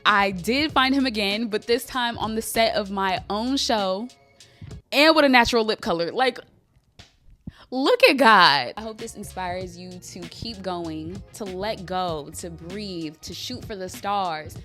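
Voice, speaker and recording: In an emotional personal vlog from her bedroom, a young woman speaks at medium pitch with a fairly bright tone over faint background music. She creates vlogs and talk shows, and here she gushes through on-and-off crying, talking in rapid bursts full of fillers like "like."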